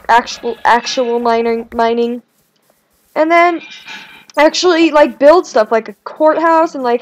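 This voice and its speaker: A young woman chatting casually while playing a video game, rambling and swinging between whiny complaints and excited outbursts. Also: sits high. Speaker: gaming video creator. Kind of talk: casual let's-play commentary.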